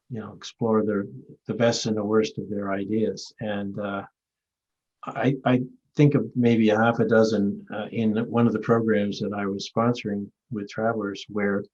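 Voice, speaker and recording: A lowish, darkish-toned man in his seventies, from Maine, leads a reflective talk and discussion on a video call after receiving an award. He rambles, tells stories, and keeps restarting, while the recording has its high frequencies cut off.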